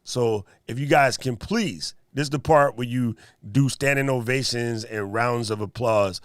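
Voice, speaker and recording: Male livestream host, playful banter, dry close sound, mid pitch. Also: a little slow, no room sound. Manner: joking, playful banter with chat. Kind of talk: casual livestream chat.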